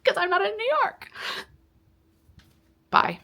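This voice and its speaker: A woman vlogging straight to camera, telling a long story in an animated, exasperated way. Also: high-pitched, measured pace, long pauses. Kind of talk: casual talking-to-camera vlog.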